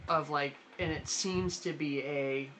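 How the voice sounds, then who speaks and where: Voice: mid-range voice, steady tone, slow pace, fairly bright tone, a little hiss or hum. A game master narrating a tabletop role-playing game in a rambling way, full of fillers and restarts. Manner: rambling, lots of likes and restarts.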